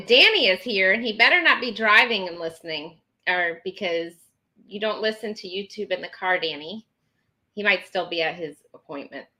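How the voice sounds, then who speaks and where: A woman's voice: medium pitch, bright, forceful tone, poor audio. A woman hosting a casual live stream, chatting and reading viewer comments aloud with many ums.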